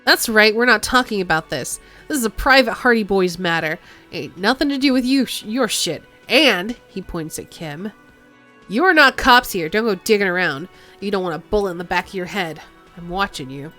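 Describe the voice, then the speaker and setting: A woman voicing a hulking, brash male dockworker gang boss in a video game reading, loud and growling, drawing out her words. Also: mid-range voice, animated, normal speed, faint music behind. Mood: menacing.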